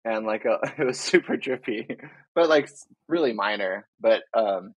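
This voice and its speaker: A man's voice: fairly low pitch, lively intonation, moderate pace, husky, no room sound, highs cut off. A young man, a surfer guest on a podcast, talking in a loose, laid-back way with lots of fillers. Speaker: guest, big wave surfer. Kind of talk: casual interview chat.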